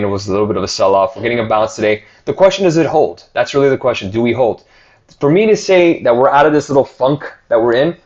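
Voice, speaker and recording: A man's voice: medium pitch, lo-fi sound. A man hosting a casual stock market commentary show, talking loosely with many fillers and reading out viewer questions. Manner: conversational, filler-heavy, reads viewer questions aloud.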